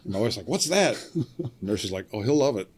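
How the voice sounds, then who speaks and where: On a podcast, a middle-aged guest who splices cable spins a casual yarn, imitating the voices of the people involved and laughing along. His voice is on the low side, fast and warm, with a breathy edge.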